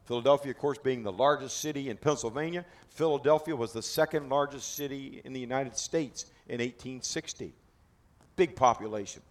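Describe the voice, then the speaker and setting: A man's voice: mid-range voice, a little fast. A man leading a group through a history talk at a historic site outdoors, dramatic and emphatic, firing rhetorical questions at his listeners. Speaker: battlefield tour guide.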